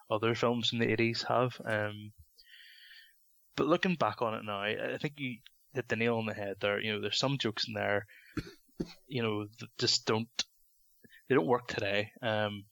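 Relaxed man with lots of ums. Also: lowish voice, creaky, dry recording. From London. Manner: relaxed, many ums, measured. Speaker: podcast guest. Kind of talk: casual podcast chat.

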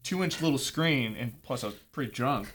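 A man's voice: medium pitch, lively intonation, moderate pace, fairly bright tone. A young man casually telling a long story, swearing freely in a laid-back way. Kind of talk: casual anecdote.

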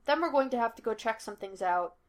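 A woman's voice: a little high, expressive, a little fast, natural voice. A woman voicing a playful young male detective who talks in a teasing, breezy way, in a read-aloud story. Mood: earnest.

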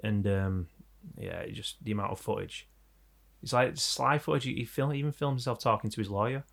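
A young English man hosting a casual chat, telling stories in an animated, sweary way. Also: on the low side, brisk, creaky. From England.

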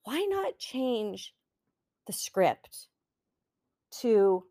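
Middle-aged woman, coach-host. Earnest, encouraging, unhurried delivery in a dry room. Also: a little high, expressive, dry recording. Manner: earnest, encouraging, slow and heartfelt. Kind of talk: reflective solo podcast talk.

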